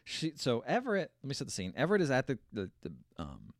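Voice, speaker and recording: Animated man retelling a movie plot. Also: mid-range voice, quick pace, no echo, clean studio sound. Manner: animated storytelling, acts out lines with mocking quotes, swears. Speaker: podcast co-host recapping a film. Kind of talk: casual chat.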